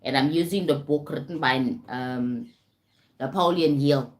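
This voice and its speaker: A woman's voice: sits low, measured pace, a little mellow. A South African woman hosting a casual live talk, keeps checking in with her listeners by asking "right?" and "you understand?". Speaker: host. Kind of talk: casual live-stream talk on self-help.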